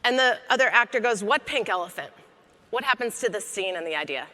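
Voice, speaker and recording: A woman with a bright, fairly high voice gives a comedic keynote, chatty and playful, teasing the crowd as she goes. Her talk rings out with a long hall reverb. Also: quick pace. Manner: lively, conversational, joking with the audience. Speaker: keynote speaker. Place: large conference hall.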